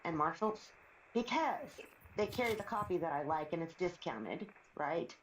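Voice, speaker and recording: A woman's voice: lowish voice, animated, normal speed, a little hiss or hum. A middle-aged woman chatting casually on a live stream, rambling through stories and laughing often. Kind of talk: casual chat. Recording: roomy, slightly dull stream audio.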